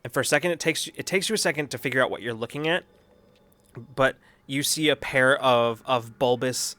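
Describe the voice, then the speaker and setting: A man runs a tabletop game as game master, describing scenes in an easy, halting way full of restarts. His voice sits in an ordinary middle register. The sound is dry and close, with no room around it. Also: mid-range voice, bright, forceful tone, dry recording. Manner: halting, with many fillers and restarts.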